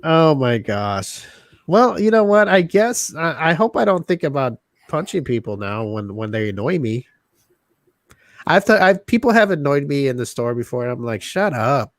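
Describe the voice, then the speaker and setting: A man's voice: fairly high pitch, sing-song, moderate pace, no room sound, studio quality. A man co-hosting a podcast, teasing his friends in crude, laughing banter. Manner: joking, teasing, loose and laughing. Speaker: podcast co-host.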